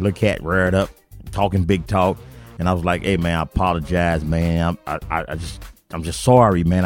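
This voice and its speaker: A man's voice: on the low side, a little mellow. A man with a St. hosting a podcast from his basement, telling stories in a rambling, slangy way full of "man" and "y'all". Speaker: podcast host. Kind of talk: casual storytelling monologue.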